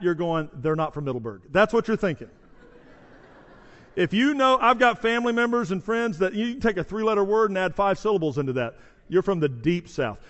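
A man's voice: high voice, long reverb tail, muffled recording. A man preaching a sermon in a conversational way, acting out the voices of bystanders in the story. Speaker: pastor. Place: church sanctuary.

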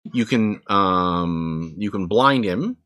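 A man acting as game master for a tabletop role-playing session, talking casually. His voice is bright and swings widely in pitch. He explains rules haltingly, full of ums and restarts. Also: lively intonation.

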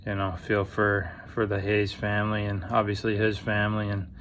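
A man recording a subdued video tribute to a former teammate, halting with many fillers. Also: lowish voice, monotone, a bit bright, a little hiss or hum.

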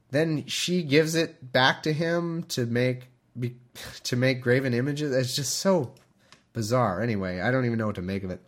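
Chatty man reading scripture aloud. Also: mid-range voice. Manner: chatty, bemused, laughs often. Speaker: podcast host.

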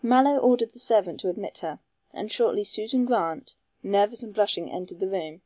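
A woman reading a novel aloud as the narrator, at a steady, even pace. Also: medium pitch, fairly quick, dry recording, lo-fi sound. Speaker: audiobook reader. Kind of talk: scripted narration.

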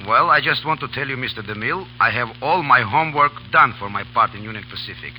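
Male actor guest, playful and boastful, broken English, bright voice. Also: mid-range voice, lively intonation, fast, a little hiss or hum, poor audio. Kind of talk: 1930s radio banter.

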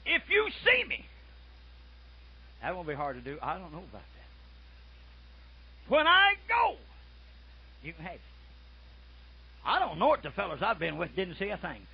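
Husky older preacher, folksy and rising. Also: male voice, fairly high pitch, big pitch swings, quick pace. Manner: folksy storytelling, swings from soft murmurs to loud shouts. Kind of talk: sermon. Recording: muffled lo-fi recording.

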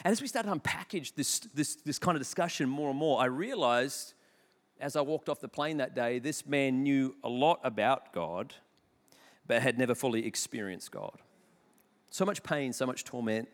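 A man, preaching a sermon. He tells stories in an animated, jokey, self-deprecating way, with sudden loud bursts. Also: mid-range voice, normal speed. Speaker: pastor. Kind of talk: sermon with storytelling. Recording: long hall reverb.

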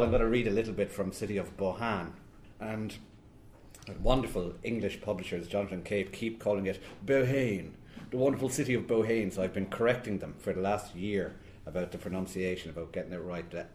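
A man with a Limerick Irish accent, an author giving a live reading and talk, moving between easy chat and a slow, theatrical reading voice in a room. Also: fairly low pitch, slight background noise. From Limerick, Ireland. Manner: slow dramatic theatrical reading with lively bursts. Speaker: author reading his novel. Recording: echoey room.

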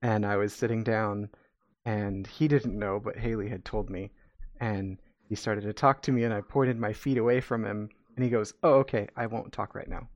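A man's voice: fairly low pitch, fairly even intonation, moderate pace, darkish tone, dry recording, lo-fi sound. A man co-hosting a podcast and talking as a parent in casual chat, laughing often and restarting his sentences as he goes.

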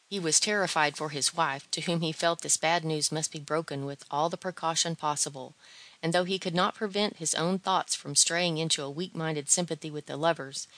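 A woman narrating a novel with measured, gently wry storytelling. Her voice is low for a woman. The recording is dry and close to the mic. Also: no echo. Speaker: audiobook reader.

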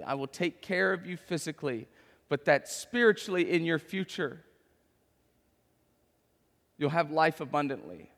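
A man's voice: high voice, a bit bright, in a large hall. A man in his thirties preaching a sermon as a pastor, conversational, tossing in tag questions and stories from home.

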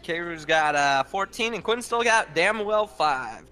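A man keeping score on a casual gaming podcast, excitable and quick to swear. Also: a little high, a loud crowd. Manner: excitable, loud outbursts, swears.

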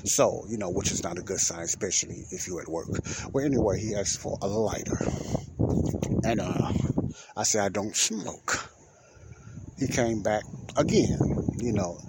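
A low-voiced, middle-aged podcast host, spinning a long, looping anecdote. He circles back over his points and slips into the voices of the people he quotes. The home recording carries a clear layer of background noise. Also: expressive, normal speed, long pauses. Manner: rambling, repeats himself, acts out quoted dialogue. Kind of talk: casual storytelling monologue.

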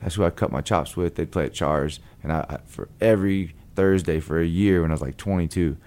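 A man from Long Beach, California, a blues guitarist, telling a story in a lively way and acting out the people in it. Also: low voice, a little fast. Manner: lively, acts out the other people in his stories. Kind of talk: animated storytelling.

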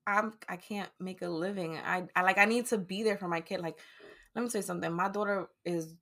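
A woman's voice: lowish voice, steady tone, fairly quick, pushed and bright. A woman speaking candidly and emotionally as a podcast guest, swearing freely in casual conversation.

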